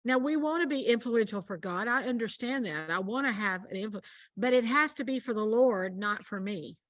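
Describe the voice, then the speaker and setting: A woman's voice: on the high side, lively intonation, normal speed, no room sound. A woman speaking as a guest minister in a casual faith conversation, telling a story earnestly and with emphasis.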